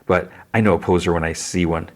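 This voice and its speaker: A man's voice: sits low, steady tone, fairly quick, darkish tone, lightly acted. A man voicing a cocky young woman scout in a smug, knowing way.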